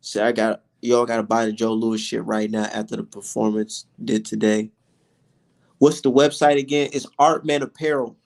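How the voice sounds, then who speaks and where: A man's voice: on the low side, flat delivery, moderate pace, vocal fry, a little mellow. A man hosting a casual boxing livestream, ranting with heavy profanity.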